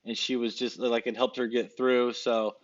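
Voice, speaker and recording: A man hosting a podcast, talking in a relaxed, conversational way and laughing along with his guest. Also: medium pitch, moderate pace, muffled recording. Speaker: podcast host.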